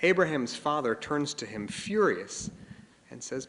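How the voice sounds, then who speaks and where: A man tells a story to an audience with dramatic flair and widely swinging pitch. His voice sits a little high and sounds bright. A long reverb shows a big hall. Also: expressive, measured pace. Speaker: speaker. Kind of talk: storytelling lecture.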